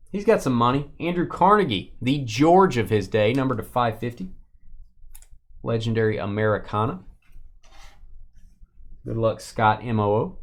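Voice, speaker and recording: Man, card break host, casual chatter, mid pitch, reacts to each pull. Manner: chatty, reacting to pulls and chat comments.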